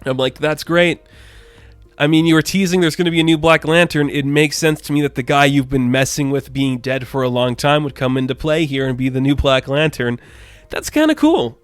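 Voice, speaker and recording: A young man excitedly recapping a comic book in a casual chat, laughing often and acting out characters' lines in playful voices. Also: medium pitch, brisk, smooth, no room sound, faint music behind. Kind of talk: casual recap with acted-out quotes.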